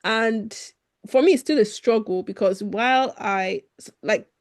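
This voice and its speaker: A woman's voice: on the high side, unhurried. A young woman from Nigeria, a podcast guest chatting casually and laughing often as she acts out little quotes. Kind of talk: casual conversation.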